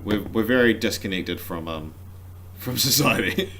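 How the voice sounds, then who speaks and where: A man's voice: lowish voice, animated, moderate pace, bright, forceful tone. A man hosting a podcast, asking rambling questions full of fillers. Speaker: podcast host. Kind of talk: casual chat.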